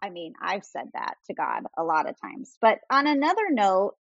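A woman's voice: medium pitch, wildly swooping pitch, normal speed, gravelly, dry recording, highs cut off. A woman author as a guest, telling a faith story earnestly and acting out quoted voices. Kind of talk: faith-based interview storytelling.

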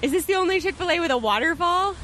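A woman's voice: very high-pitched, expressive, quick pace, fairly bright tone, a little hiss or hum. A woman co-hosting a podcast in casual chat, upbeat and chatty with frequent laughs, recorded at a drive-thru and on an outdoor restaurant patio. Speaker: podcast co-host.

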